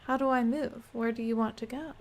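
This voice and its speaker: A woman's voice: a little high, fairly even intonation, brisk, darkish tone. A young adult woman chatting playfully and musing aloud while streaming a game live.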